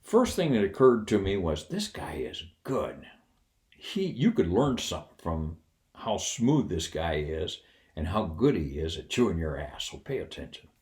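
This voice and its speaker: An older man, a retired Air Force officer, telling personal anecdotes in a folksy, animated way with wry humor. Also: low voice, moderate pace.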